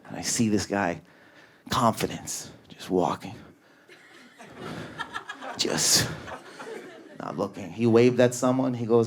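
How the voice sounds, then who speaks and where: A male stand-up comedian performing with raging energy on a club stage, often yelling and shooting up in pitch. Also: steady tone, measured pace, pauses often.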